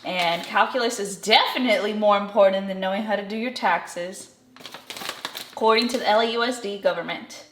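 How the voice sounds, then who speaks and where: A young woman, speaking fairly quickly in a mid-range voice, rambles chattily through a casual cooking vlog at home and pokes fun at herself along the way. Her echoey kitchen carries slight background noise plus loud sizzling and stirring.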